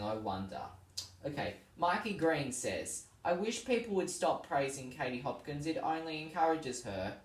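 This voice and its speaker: A tired man hosting a vlog, reading tweets aloud in casual chat and laughing often between them. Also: mid-range voice. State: tired and yawning. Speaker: vlog host. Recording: roomy sound, distant from the mic.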